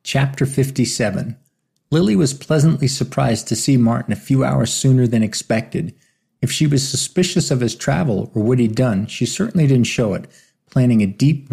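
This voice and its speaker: A man reading an audiobook as narrator, with steady, even storytelling. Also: mid-range voice, creaky, slightly rough. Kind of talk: scripted narration.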